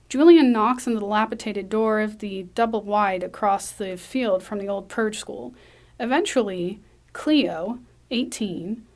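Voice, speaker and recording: A woman reading a screenplay aloud, brisk, with small slips and restarts. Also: medium pitch. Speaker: script reader.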